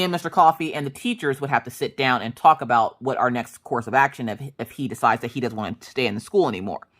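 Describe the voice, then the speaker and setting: A woman's voice: rumbling low, a bit bright. A woman vlogger telling a story in casual chat, chatty and full of "like", often laughing.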